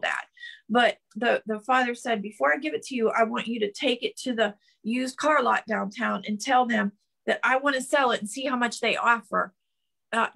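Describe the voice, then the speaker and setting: A middle-aged woman preaches with fervor, her fairly high voice bright and edged with gravel. She builds her points through repeated declarations and often stumbles and restarts mid-phrase. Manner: fervent, repetitive declarations with frequent restarts. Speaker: prophetess preaching. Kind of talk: sermon.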